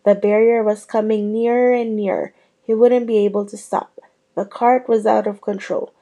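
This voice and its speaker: A woman reading a chapter of a novel aloud in a steady storytelling manner, with small slips and restarts. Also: medium pitch, moderate pace. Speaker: reader.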